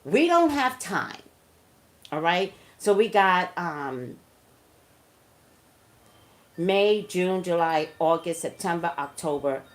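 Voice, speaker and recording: A woman's voice: on the low side, animated, slow pace, pauses often. A woman, a psychic reader, talking emphatically straight to her viewers in casual live-stream commentary.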